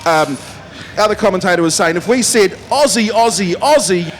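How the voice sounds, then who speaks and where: A man's voice: high-pitched, fairly quick, crowd noise. A friendly, chatty man, reporting live from the speedway pits. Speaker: pit reporter. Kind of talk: live trackside interview.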